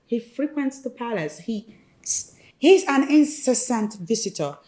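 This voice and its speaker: A woman's voice: a little high, lively intonation, measured pace, mellow. An actress with a Nigerian accent playing a spoiled, suspicious young woman who complains and protests. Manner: complaining, indignant. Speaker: actor playing a young woman, the brother's sister.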